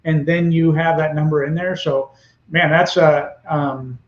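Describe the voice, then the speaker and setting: A man hosts a podcast in a supportive, easygoing, casual chat. His voice sits a bit high, and the recording is echoey and dull. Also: fairly even intonation, measured pace. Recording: echoey, muffled room audio.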